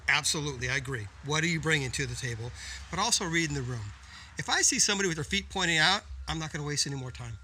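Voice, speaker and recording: A man's voice: on the high side, expressive, quick pace, pushed and bright, slight background noise. A man co-hosting a business podcast, explaining in an emphatic, coaching way and often tagging points with "right?". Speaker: podcast co-host. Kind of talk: casual business podcast talk.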